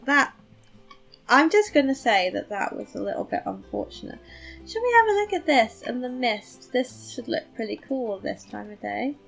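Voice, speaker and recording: A woman's voice: medium pitch, gravelly, fairly bright tone. A woman giving casual commentary while playing a game, chatty, thinking aloud and poking fun at herself. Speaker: let's play host.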